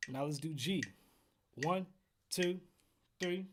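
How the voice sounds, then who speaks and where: A man hosting a casual livestream trumpet lesson from home, counting in exercises and chatting with viewers in a relaxed way. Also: sits high, takes it slowly, heavy background noise. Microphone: headphones while streaming.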